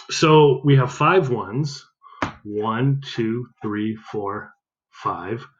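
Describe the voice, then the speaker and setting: A man's voice: medium pitch, very slow, dull audio. A male math teacher giving a recorded lesson, upbeat, counting aloud and correcting himself as he goes.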